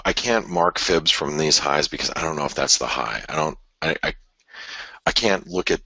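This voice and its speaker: A man's voice: extremely low pitch, pushed and bright, no echo. A man hosting a live forex chart analysis, thinking aloud in a conversational way with sighs and restarts. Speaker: forex market analyst host.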